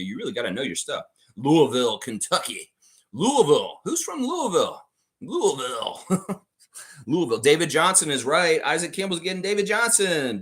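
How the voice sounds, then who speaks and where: A man hosting a live trivia stream in a casual, excitable way, reading out chat names and answers. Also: mid-range voice. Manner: excitable, breaks into loud whoops and laughs, reads chat names.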